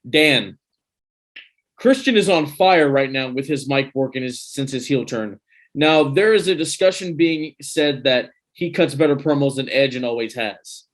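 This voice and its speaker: A man's voice: medium pitch, a little slow. A man hosting a wrestling podcast, loose and joking as he leads the talk and reads fan mail. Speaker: podcast host. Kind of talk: casual chat.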